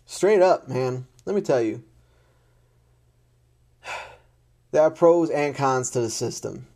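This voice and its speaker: A man's voice: mid-range voice, slow, warm tone. A man in an unscripted rant to camera, blunt and exasperated, swearing often and repeating himself. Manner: blunt, heavy swearing, repetitive; frustrated and exasperated.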